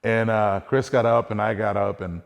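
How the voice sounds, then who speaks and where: A man with a low, gravelly voice recounts his own hunting story in an earnest, conversational way, now and then acting out what people said. His voice carries a long, echoing reverb. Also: fairly even intonation, normal speed. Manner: earnest, conversational, drops into quoted dialogue. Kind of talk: casual personal storytelling.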